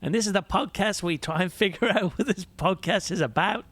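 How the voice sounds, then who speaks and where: A man putting on a high, jokey Australian accent in a comic accent bit. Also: fairly quick, a bit bright, husky, no room sound. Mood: playful. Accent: put-on Australian. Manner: jokey, high and sing-song. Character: man with a put-on high Aussie voice.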